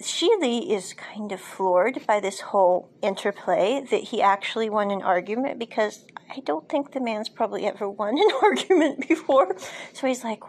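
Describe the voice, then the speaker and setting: A woman's voice: fairly high pitch, animated, moderate pace. A woman podcast host recapping and reviewing a drama in a chatty, casual way, laughing now and then with frequent asides. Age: adult, parent.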